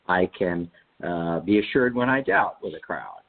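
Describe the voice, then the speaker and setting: A man's voice: low-pitched, lively intonation, a little slow, gravelly. A man on a Bible study call-in who thinks aloud and often restarts his sentences. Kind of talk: reflective casual discussion. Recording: tinny phone line.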